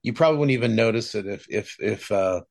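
A man's voice: on the low side, fast talker. A man co-hosting a podcast, chatting casually and rambling with many fillers and restarts. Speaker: podcast co-host. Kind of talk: casual chat.

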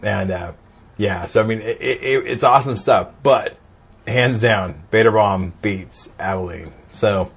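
A man's voice: lowish voice, a little slow, gravelly, breathy edge. A man co-hosting a casual podcast, making cheeky, bawdy jokes and reading sponsor spots. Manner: cheeky, bawdy, deadpan asides. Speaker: podcast co-host. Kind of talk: casual banter.

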